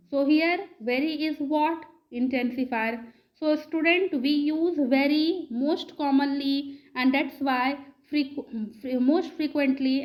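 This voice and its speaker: A woman gives a grammar lesson in a high voice. She speaks slowly and deliberately, repeating key words and quizzing her class as she goes. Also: dull audio. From India. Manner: slow, repeats words and asks the class questions. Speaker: English teacher.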